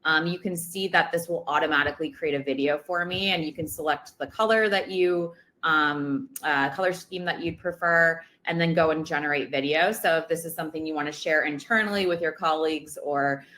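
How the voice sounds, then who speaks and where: A woman's voice: deep voice, brisk, a bit bright. A woman presenting a product demo webinar in a casual way, with many ums and uhs.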